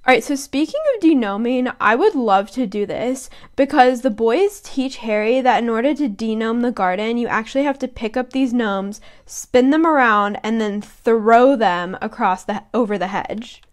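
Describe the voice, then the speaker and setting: A woman's voice: on the high side, normal speed, hardly any pauses. A young woman co-hosting a podcast, chatting casually about a book and giggling as she reads quotes aloud in voices. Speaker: podcast co-host.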